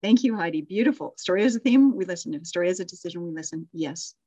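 A woman's voice: lowish voice, animated, quick pace, dark tone, dry recording, dull audio. A middle-aged woman leading a live online class on storytelling, praising students and thinking aloud with restarts and small laughs. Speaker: course instructor.

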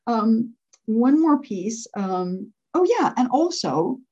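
A woman's voice: on the high side, sing-song, slow, mellow, lo-fi sound. A woman leading an interactive workshop for entrepreneurs. She laughs often and asks the group to raise their hands.

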